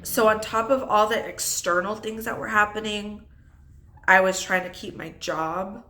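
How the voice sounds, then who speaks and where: In an unscripted vlog, a young adult woman raising kids on her own reflects on her divorce, tearful and fighting back tears. She speaks at a normal speed in a medium-pitched voice that is fairly even in intonation and sharp in tone.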